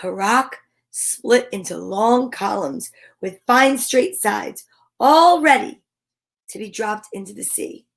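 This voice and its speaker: A woman's voice: medium pitch, slow, creaky. A woman hosting a children's storytime, reading a storybook aloud playfully and animatedly, with chatty asides. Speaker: storytime host.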